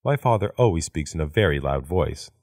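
Deep-voiced man reading practice sentences. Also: lively intonation, darkish tone, no room sound, studio quality. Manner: measured, repeats each sentence after the woman. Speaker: English phrase reader. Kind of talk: read-aloud of practice sentences.

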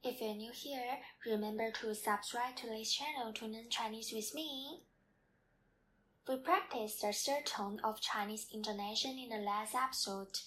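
A woman's voice: on the high side, measured pace, a bit bright. A woman teaching as a language teacher, leading a patient, repetitive pronunciation drill.

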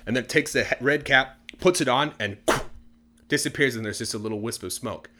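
A man casually telling a folk tale for English learners in a relaxed, chatty way with many fillers. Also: mid-range voice, a little fast. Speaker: storyteller.

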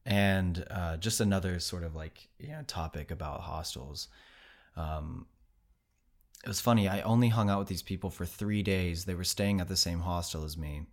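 This American man hosts a podcast and relates a travel tale loosely, with many restarts and filler words. He has a low voice and talks at a normal speed.

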